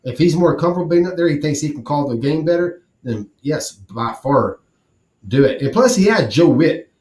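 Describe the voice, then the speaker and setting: Casual sports podcast co-host, man, blunt and profane, slightly high voice, echoey room. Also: moderate pace. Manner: profane, blunt, animated storytelling. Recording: roomy echo.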